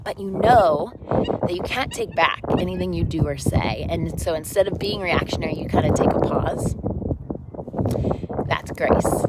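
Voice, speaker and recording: Encouraging woman over loud noise. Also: on the low side. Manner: reflective, encouraging, builds on repeated phrases. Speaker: fitness instructor. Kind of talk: motivational talk during a workout class. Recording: loud background noise with clicks.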